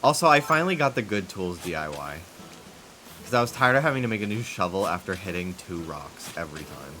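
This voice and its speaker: Man, game streamer, casual chat, profane, rambling, laughing, lowish voice, bright forceful tone. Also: lively intonation, brisk, a little hiss or hum.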